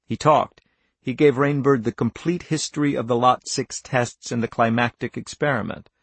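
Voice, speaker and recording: A man narrating an audiobook in a measured, even storytelling manner. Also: medium pitch, creaky, husky, dry recording.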